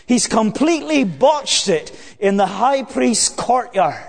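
A man preaching an evening sermon in a church, earnest, slowing down and dropping low on key phrases. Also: sing-song, creaky. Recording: long church hall reverb.

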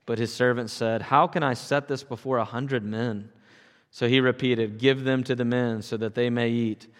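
A man reads scripture aloud at a steady, measured pace. His voice sits in the middle of the male range and rings out with a long reverb, as if carried through a church hall. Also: mid-range voice. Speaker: scripture reader. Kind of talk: Bible reading.

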